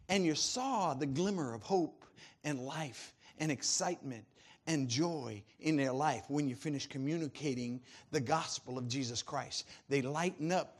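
High-voiced man preaching animatedly. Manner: animated preaching, laughs often, swings loud and soft. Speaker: pastor. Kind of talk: sermon.

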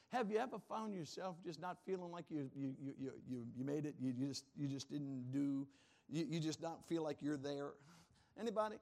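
Animated preacher man, slightly high voice. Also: moderate pace. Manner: animated, questioning the congregation, laughs often. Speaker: pastor. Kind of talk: sermon.

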